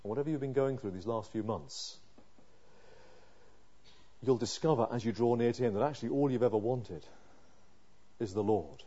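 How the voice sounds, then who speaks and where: A man preaching a sermon, reading scripture aloud and voicing the psalmist's prayers, moving from hushed pleading to loud, impassioned emphasis. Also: medium pitch, normal speed, pauses often, husky, lo-fi sound.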